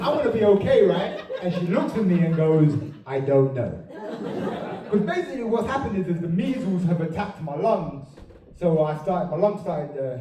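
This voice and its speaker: A man performing a stand-up comedy set, telling a story with sudden loud outbursts. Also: fairly high pitch. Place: comedy venue stage. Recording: roomy live sound, distant, noisy.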